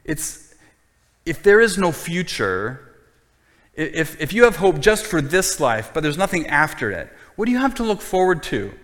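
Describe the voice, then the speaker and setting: A man's voice: a little high, sing-song, normal speed, fairly bright tone, in a large hall. A man preaching a sermon as pastor, earnest and emphatic, often repeating his points.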